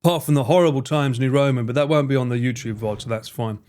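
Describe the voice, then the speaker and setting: A man's voice: medium pitch, fast talker, a little mellow. A man streamer giving casual reaction commentary, chatty, laughing and swearing.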